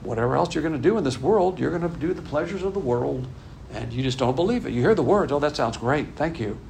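A man's voice: fairly high pitch, expressive, quick pace, vocal fry, a little mellow, a little hiss or hum. An older man preaching a conversational sermon, folksy and emphatic, repeating his points. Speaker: pastor.

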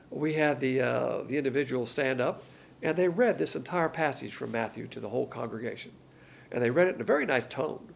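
A man's voice: medium pitch, creaky, slightly rough. A man preaching a sermon, colloquial and emphatic, with slangy asides.

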